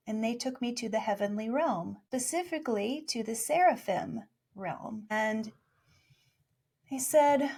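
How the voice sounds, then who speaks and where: A woman in her forties telling her story in a casual interview, playful and animated, laughing often. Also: a little high, unhurried. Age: 40s. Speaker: guest, spiritual channel.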